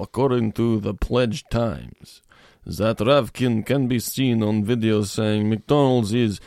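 Brief: male comedy co-host, wry news reader, animated intonation, dry studio feel. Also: mid-range voice, no echo. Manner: wry, reads news items aloud with mock-stern asides. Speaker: podcast co-host. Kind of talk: casual comedy chat.

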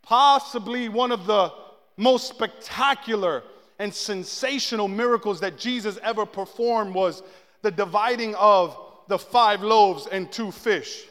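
In a church sanctuary, a man preaches a casual, comedic sermon, animatedly telling stories and acting out what people say. His voice is high-pitched and a little slow, and the recording carries the long echo of a large hall.

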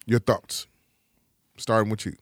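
A man's voice: fairly low pitch, fairly even intonation, unhurried, no echo. A man hosting a casual podcast, asking his guests questions and tossing in catchphrases. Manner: loose, asks questions, shouts catchphrases. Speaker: podcast host.

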